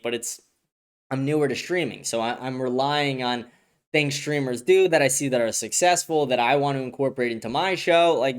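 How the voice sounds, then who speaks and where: A man's voice: medium pitch, smooth. A man hosting a casual livestream news show, reacting to chat with blunt, profane, filler-heavy talk and frequent restarts. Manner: ranting, talks in restarts.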